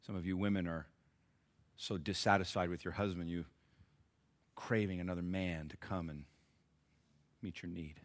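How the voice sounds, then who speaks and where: A male pastor preaching an emphatic, deliberate sermon. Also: low-pitched, steady tone.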